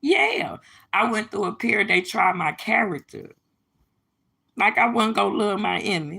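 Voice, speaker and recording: A woman's voice: medium pitch, lively intonation, normal speed, gravelly, sharp tone, slightly rough. A middle-aged woman holding forth on a livestream, emphatic and preachy, blunt and profane, talking straight to her viewers. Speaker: livestream host. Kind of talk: casual livestream monologue.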